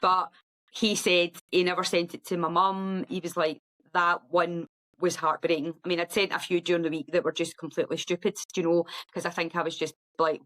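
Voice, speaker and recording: A Scottish woman, a guest on an interview show, telling her story in a lively way and acting out the voices of the people in it. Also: lowish voice, rough recording. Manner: animated storyteller who acts out quoted speech. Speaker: podcast guest, ultra runner.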